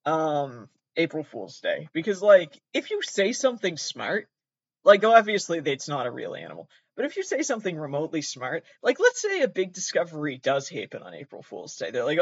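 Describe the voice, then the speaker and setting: A man's voice: a little high, huge pitch swings, brisk, no room sound, dull audio. A man co-hosting a podcast, ranting in a casual, sarcastic and profane way. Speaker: podcast co-host. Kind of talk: casual comedic rant.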